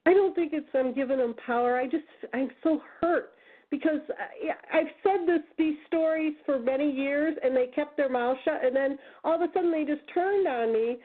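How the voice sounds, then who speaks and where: A high-pitched woman tells her stories over a tinny phone line. She talks casually and with animation, slipping into the voices of the people she is quoting. She is from the United States. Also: normal speed. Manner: animated storyteller, acts out quoted voices. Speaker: guest. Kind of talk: casual storytelling on a call-in radio show.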